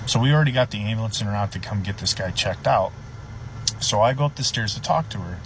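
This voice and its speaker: A man's voice: on the low side, quick pace, background noise. A man, a sheriff's deputy, telling a story casually and animatedly, swearing and acting out the voices of the people in it.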